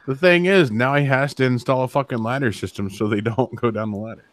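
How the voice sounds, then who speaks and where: A man's voice: medium pitch, quick pace, no room sound. A man chatting and joking crudely with friends on a live stream. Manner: joking, laughing, crude humor. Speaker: stream regular. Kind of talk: casual group chat.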